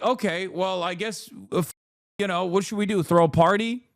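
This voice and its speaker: A man's voice: high voice, normal speed, dry recording, clean studio sound. A man giving heated political commentary as a streamer, exasperated and swearing often.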